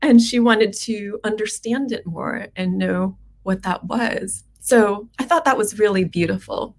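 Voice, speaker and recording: Slow, gentle woman musing aloud. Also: mid-range voice, background noise. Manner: gentle, unhurried, musing with many pauses. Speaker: physician hosting a livestream. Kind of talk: reflective livestream talk.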